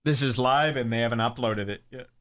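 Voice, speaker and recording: A man hosts a live stream in a sarcastic, salesman-like voice, mock-pitching offers to viewers. His tone is bright and forceful. The sound is close and dry. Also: fairly quick, dry recording. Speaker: host.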